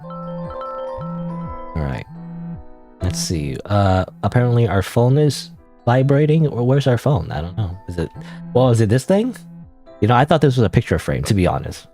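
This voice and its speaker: A man's voice: mid-range voice, very animated, unhurried, long pauses, dark tone, soft background music. A young man streaming a story game, casually commenting, reading dialogue aloud and rambling with frequent self-interruptions.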